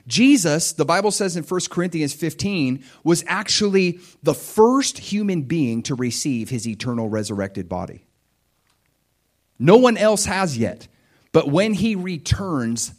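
A middle-aged man preaching a sermon, retelling scripture with lively, animated storytelling and acted-out voices. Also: mid-range voice. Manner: animated storytelling, acts out voices of biblical figures. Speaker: pastor.

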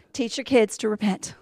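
High-voiced woman preaching, dry sound. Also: no room sound. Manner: storytelling, moves between hushed asides and loud outbursts. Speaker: church speaker and mother. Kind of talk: sermon.

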